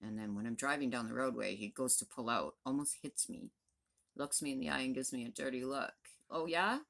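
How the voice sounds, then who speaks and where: A woman's voice: rumbling low, fairly even intonation, a little fast, gravelly. A woman in her fifties, a vlogger, venting to the camera in a blunt, profane, exasperated rant. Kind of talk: angry direct-to-camera rant.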